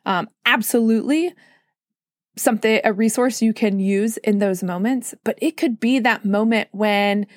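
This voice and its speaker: A woman's voice: on the high side, normal speed, no echo, studio quality. A woman hosting a solo mental health podcast, chatty and self-deprecating, who laughs often, with a slightly sore throat. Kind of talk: casual solo podcast monologue.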